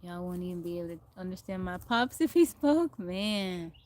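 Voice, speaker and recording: A woman's voice: lowish voice, animated, normal speed, a little mellow. A young woman from Texas, chatting casually on a livestream from outdoors and laughing often. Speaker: livestream host. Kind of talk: casual chat. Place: outdoors in nature. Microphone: phone livestream.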